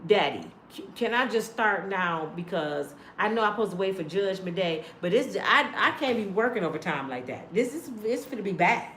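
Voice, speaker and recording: A woman voicing an exasperated Jesus who pleads with his father in a whiny, drawn-out voice, recorded in an echoey room. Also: mid-range voice, animated, fairly bright tone, a little hiss or hum, voice pushed down, close to an everyday voice. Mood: exasperated pleading.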